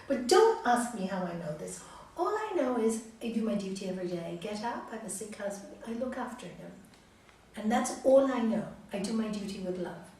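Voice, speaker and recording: A woman voicing a kind, patient village wife who speaks calmly and firmly, in an echoey hall far from the mic. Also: mid-range voice, fairly quick.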